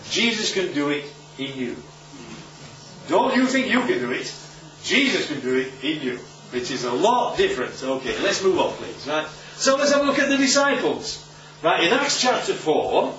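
A man preaching in an animated, swooping voice that sits a little high. He keeps prodding his listeners with quick rhetorical questions. He is recorded from a distance in an echoey room, and the sound is somewhat muffled. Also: slight background noise. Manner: emphatic, lively teaching delivery. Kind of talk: sermon-style Bible teaching. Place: room with a live audience.

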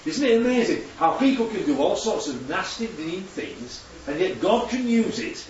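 Chatty preacher in an echoey hall. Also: male voice, sits high, big pitch swings, normal speed, darkish tone. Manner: chatty, full of tag questions like yeah and right. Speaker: preacher teaching from slides. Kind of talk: informal Bible teaching talk. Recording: echoey room, distant dull mic, faint hum.

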